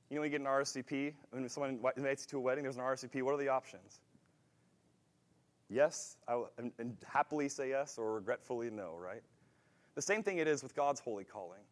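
A man with a slightly raised pitch giving a sermon. He talks in a relaxed, conversational way, restarts his phrases often, and moves between soft asides and emphatic, rising points. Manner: conversational, thinks aloud with frequent restarts; swings between quiet asides and emphatic rises. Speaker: preacher.

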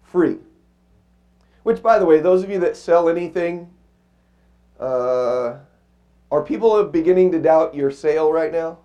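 Male pastor, sermon, voice cracking, high mellow tone, emphatic slow scripture reading. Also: dull audio.

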